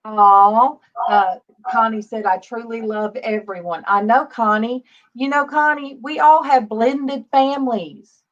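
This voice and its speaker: A woman's voice: a little high, fairly even intonation, measured pace. A woman in her fifties hosting a casual faith livestream, chatty and greeting viewers by name. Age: 50s. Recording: dull lo-fi stream audio.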